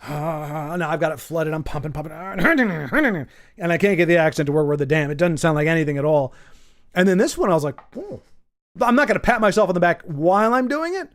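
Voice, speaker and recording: A man's voice: fairly high pitch, a little fast. Chatty, rambling man host. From United States. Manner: rambling, animated, repeats words when thinking aloud. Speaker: livestream host reading chat. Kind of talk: casual chat.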